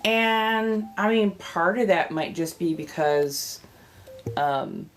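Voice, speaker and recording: Chatty Californian woman, low-pitched. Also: expressive, slow pace. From California, United States. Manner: rambling, chatty, greets viewers warmly as they arrive. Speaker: livestream host. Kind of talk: casual livestream chat.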